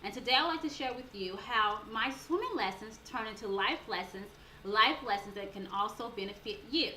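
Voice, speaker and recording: A woman life coach telling a personal story in a motivational talk, earnest and animated, building toward a preaching close. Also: mid-range voice, a little fast, a little hiss or hum. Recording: roomy echo with faint background ambience.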